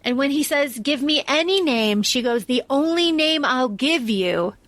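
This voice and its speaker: Podcast co-host, woman, somewhat high voice, dry close sound, gushing. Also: animated, unhurried, fairly bright tone, no echo. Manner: enthusiastic, gushing. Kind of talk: casual chat.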